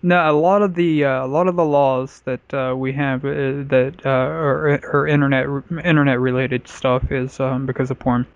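A man's voice: medium pitch, little pitch movement, moderate pace, few pauses, clean tone, dry recording. A man casually telling a crude personal story on a podcast, rambling with lots of filler words. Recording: dull, lo-fi podcast audio.

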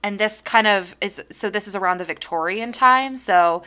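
A woman's voice: medium pitch, moderate pace, pushed and bright, clear, resonant tone. A young woman co-hosting a podcast, chatting casually with lots of fillers and laughs. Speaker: podcast co-host. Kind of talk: casual chat.

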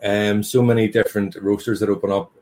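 This man is a guest on a relaxed interview, and his voice sits a little low. He chats easily and tells anecdotes with a wry, self-mocking humor. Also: fairly quick. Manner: joking, self-deprecating storyteller. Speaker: tea business owner, guest. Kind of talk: casual interview chat.

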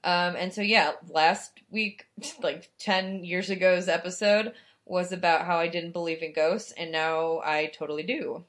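A young woman co-hosting a podcast, with a slightly low voice and a loose, rambling way of talking. She swears freely and fills her talk with fillers and quick laughs. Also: steady tone, a bit bright. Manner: chatty, profane, lots of fillers and laughs. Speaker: podcast co-host. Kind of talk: casual chat.

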